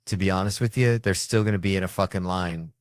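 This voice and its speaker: Deep-voiced man doing profane stand-up. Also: fast talker, no room sound, clean studio sound. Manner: animated, profane storytelling. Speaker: comedian. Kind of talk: stand-up comedy.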